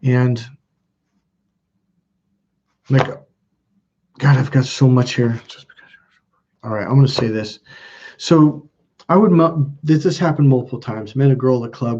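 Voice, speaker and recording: A man's voice: mid-range voice, mellow, highs cut off. A man in his fifties, a self-help coach, talking in a rambling, emphatic off-the-cuff monologue with frequent restarts. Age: 50s. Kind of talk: casual off-the-cuff monologue to camera.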